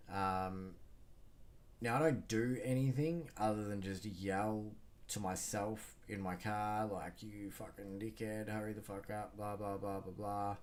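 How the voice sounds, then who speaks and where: A man's voice: low voice, slight background noise. An Australian man hosting a solo podcast, talking bluntly and rambling with lots of swearing and fillers. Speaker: podcast host. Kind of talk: casual solo podcast monologue.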